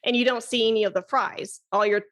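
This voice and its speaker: Casting note: a woman flute teacher as a chatty podcast guest, a bit higher-pitched, quick to laugh. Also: fairly even intonation, a bit bright. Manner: enthusiastic, chatty, laughs often. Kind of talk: casual podcast conversation.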